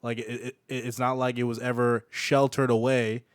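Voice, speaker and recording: A man co-hosting a casual podcast who jokes and talks in a laid-back, slangy way. His voice is smooth and clear at an average pitch. It is recorded close and dry. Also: level tone, normal speed, no echo. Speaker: podcast co-host. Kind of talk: casual chat.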